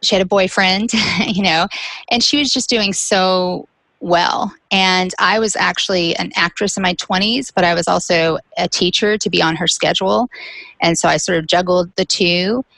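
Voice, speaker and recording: Low gravelly woman telling her story. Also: fairly bright tone, dry recording, rough recording. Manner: candid, with light laughs between serious points. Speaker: guest, cancer caregiver. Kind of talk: personal storytelling.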